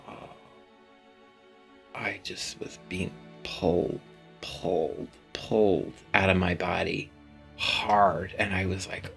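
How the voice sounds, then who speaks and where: A man giving an emotional personal testimony, halting and hesitant, often sinking to a whisper. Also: low voice, steady tone, creaky, a bit bright, soft background music.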